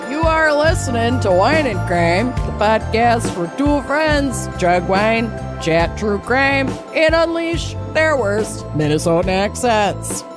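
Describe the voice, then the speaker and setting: A woman's voice: fairly high pitch, very animated, slow, hardly any pauses, over music. A woman, co-hosting a podcast in playful, rambling casual chat. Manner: chatty, playful, rambling stories. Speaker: podcast co-host.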